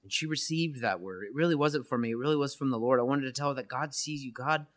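A man's voice: medium pitch, fast talker, a bit bright. A church minister preaching an earnest, reflective testimony, often checking in with his listeners with "right?". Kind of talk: sermon-style testimony.

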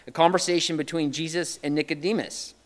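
A man preaching a sermon in a conversational way, often checking in with "right?" and paraphrasing scripture in lively everyday terms. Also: fairly high pitch, brisk. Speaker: pastor.

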